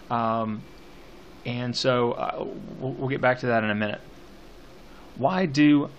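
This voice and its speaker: A man teaching a class on a poem, talking slowly and haltingly with many fillers, stopping to read lines aloud. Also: mid-range voice. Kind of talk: classroom poetry lecture.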